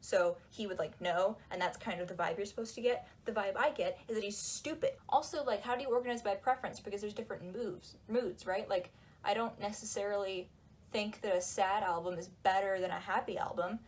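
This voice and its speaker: A woman talking in a casual, animated and sarcastic way, with lots of "like"s, while she folds laundry. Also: medium pitch, fairly quick. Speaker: book reviewer. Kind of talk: casual chat.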